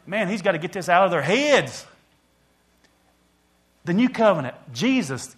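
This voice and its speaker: Lively preaching man, swinging pitch. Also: measured pace, long pauses. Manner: preaching with call-and-response, loud swells and quiet drops. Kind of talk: sermon.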